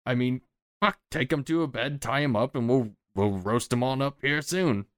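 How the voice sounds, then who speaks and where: A man voicing a gruff little male goblin guard who talks bluntly and sounds bewildered and hesitant. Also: mid-range voice, normal speed, dry recording, studio quality, voice pushed up, lightly acted. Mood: confused.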